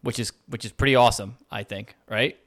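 A man's voice: mid-range voice, fairly even intonation, fairly quick, a bit bright, no echo, studio quality. A man co-hosting a casual gaming news podcast, chatty and upbeat. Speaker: podcast co-host.

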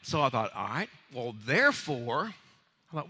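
A man preaching a sermon in a lively, conversational way, acting out the voices of the people in his story and laughing between points. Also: mid-range voice, moderate pace, slightly rough. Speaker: pastor.

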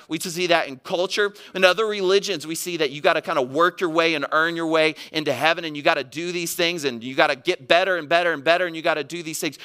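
A man preaching a sermon, earnest, moving between raised urging and soft, quiet pleading. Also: on the high side. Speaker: pastor.

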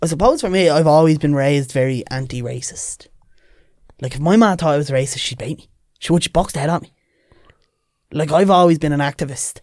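A man's voice: fairly high pitch, brisk, no room sound, studio quality. A young man with a Dublin accent, a podcast guest telling stories in casual chat and putting on voices for the people in them. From Ireland. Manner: lively, animated, puts on voices in anecdotes.

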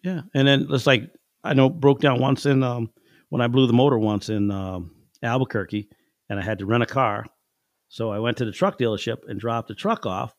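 A man's voice: mid-range voice, moderate pace, dry recording. A middle-aged man telling stories from his life in a casual chat, folksy and chuckling, acting out the people in his anecdotes.

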